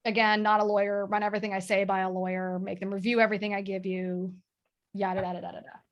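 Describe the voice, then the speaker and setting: A woman's voice: medium pitch, little pitch movement, quick pace, muffled recording. A woman guest speaking frankly and casually about sales, swearing now and then. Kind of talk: casual panel chat.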